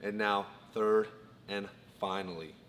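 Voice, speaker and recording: A man's voice: on the low side, little pitch movement, slow, a crowd in the background. A man co-hosting a casual fight breakdown, laying out his points methodically and in order. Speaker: co-host, fight analyst. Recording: long reverb, faint background noise.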